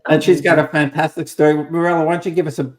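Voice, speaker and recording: A man hosting a casual panel chat, relaxed and friendly, with some fillers. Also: a little high, racing. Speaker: host.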